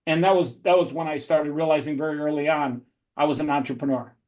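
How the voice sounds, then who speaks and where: A man telling animated business anecdotes as an interview guest, energetic and full of quick restarts. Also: on the high side. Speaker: entrepreneur guest. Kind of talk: storytelling podcast interview.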